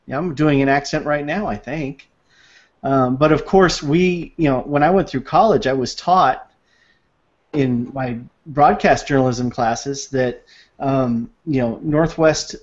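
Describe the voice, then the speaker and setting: A man's voice: on the high side, measured pace. A man co-hosting a casual online hangout, chatty and playful, with frequent restarts. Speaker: video hangout co-host. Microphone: video call. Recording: dull lo-fi video call audio.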